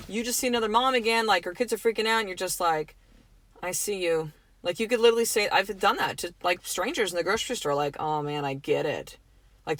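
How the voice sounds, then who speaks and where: A woman's voice: fairly low pitch, no room sound. A middle-aged woman hosts her own podcast, speaking in a casual, heartfelt, encouraging way. Her talk is loose and chatty, with lots of fillers and a few swear words. She sits close to a dry mic with no room sound. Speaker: podcast host. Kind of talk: motivational solo podcast talk.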